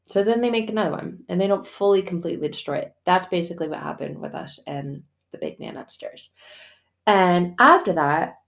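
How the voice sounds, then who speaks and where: A woman's voice: lowish voice, fairly quick, gravelly. Chatty woman talking faith casually. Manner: chatty, slangy, swears, animated storytelling. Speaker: mother; faith podcast host.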